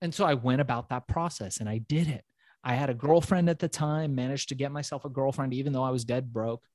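Telling his own story as an interview guest, a middle-aged man speaks a little fast in a mid-range voice. He's animated, acts out the dialogue and swears without restraint. There's no echo.

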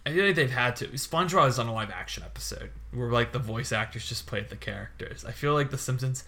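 A man's voice: medium pitch, animated, quick pace, bright, forceful tone. A man co-hosting a podcast, chatting casually and rambling with lots of "like". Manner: rambling, filled with "like". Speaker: podcast co-host. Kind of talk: casual chat.

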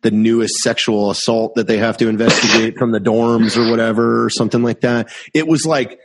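A man's voice: medium pitch, steady tone, brisk, heavy background noise. A man telling a military anecdote in casual chat, profane and exasperated.

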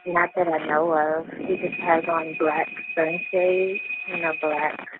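A woman's voice: deep voice, level tone, slow, background noise. A woman working as a bank teller on an emergency call, shaken and hesitant, with many fillers. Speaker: bank teller calling 911. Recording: dull archival phone recording.

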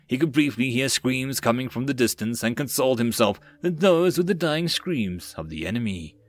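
A man's voice: medium pitch, moderate pace, no echo. Man narrating a fantasy war audiobook. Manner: steady storytelling read. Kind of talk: web novel audiobook narration.

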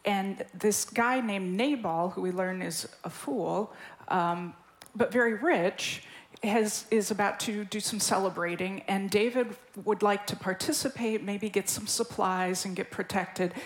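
A woman retells a Bible story in an even, unhurried way, adding small asides. She speaks plainly in a relaxed church discussion. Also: medium pitch, rough recording.

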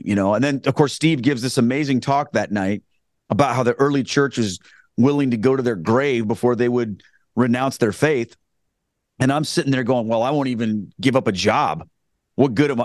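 A man's voice: mid-range voice, no room sound, studio quality. A man, earnestly telling his conversion story as a guest, rambling with frequent restarts. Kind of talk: casual spoken testimony.

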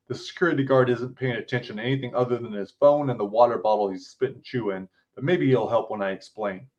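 A man's voice: medium pitch, quick pace, darkish tone, muffled recording. A man, author and podcast host, reading his interactive story aloud with blunt, casual asides and free swearing.

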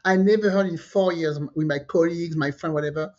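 A woman with a French accent, a native French speaker, telling animated stories in a casual podcast chat and acting out the voices of the people in them. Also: lowish voice, fast talker, hardly any pauses, dull audio. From France. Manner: animated, acts out quoted voices, repeats herself. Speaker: podcast co-host. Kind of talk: casual conversational storytelling.

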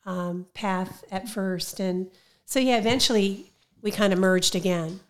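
A middle-aged woman, speaking calmly and reflectively in a casual chat. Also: mid-range voice. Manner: calm, measured, reflective. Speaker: salon owner, guest.

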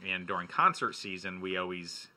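Joking, lower-voiced male radio co-host. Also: normal speed, bright, forceful tone. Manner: joking, playful. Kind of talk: casual banter.

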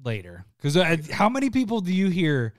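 A man's voice: high-pitched, huge pitch swings, brisk, dry recording, clean studio sound. A man co-hosting a podcast in casual chat, joking and laughing often. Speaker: podcast co-host.

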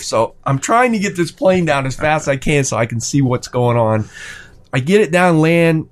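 A man in his thirties or forties tells a rambling story in a relaxed, everyday voice. He stumbles over fillers and restarts, and his pitch jumps way up whenever he acts out a quoted line. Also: normal speed. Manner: animated, rises sharply when quoting himself and his son. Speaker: storyteller in a hobby chat. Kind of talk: casual anecdote.

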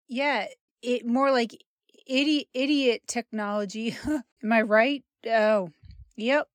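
A woman's voice: fairly high pitch, takes it slowly, no echo, studio quality. A woman hosting a podcast who reads the credits and drifts into joking, self-deprecating asides, talking with a sore jaw that she can barely open. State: struggling to open her mouth. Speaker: podcast host reading credits. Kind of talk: casual, rambling credits read.

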